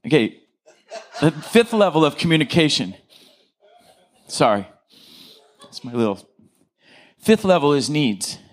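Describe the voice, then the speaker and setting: A middle-aged man leads a relaxed teaching talk in a slightly higher register than most men. He speaks in a loose, conversational way, acts out example phrases and keeps turning to his audience with questions. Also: a little slow, pauses often. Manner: animated, acts out example quotes, checks in with the audience.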